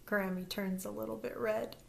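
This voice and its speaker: A woman narrating a first-person story as an audiobook, in a lively, expressive way. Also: mid-range voice, moderate pace, gravelly.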